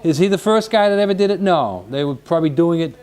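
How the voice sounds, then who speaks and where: Man, high voice, chatty booth commentator, stumbles over starts. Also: lively intonation, quick pace, a little mellow, clean tone. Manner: chatty, storytelling, repeats words when starting. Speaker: sports commentator. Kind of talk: casual booth chat between plays.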